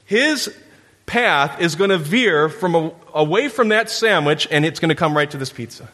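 A man delivering a sermon in a church sanctuary, with a bright, forceful voice and a slightly high pitch. He tells his story with playful energy, putting on kids' voices. His words ring out with a long hall reverb behind them. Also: animated, normal speed. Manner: storytelling with playful camper impressions. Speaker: pastor.

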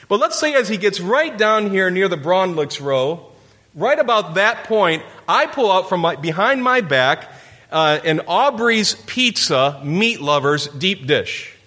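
Male pastor, storytelling sermon, bright and forceful, big reverberant hall. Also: high voice. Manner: storytelling with playful camper impressions.

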